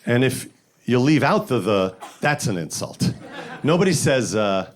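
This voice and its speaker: A man from the Bronx, performing a stand-up comedy set with deadpan setups and sudden loud punchlines. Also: mid-range voice, unhurried, a little hiss or hum. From the Bronx, New York. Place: comedy stage with live audience.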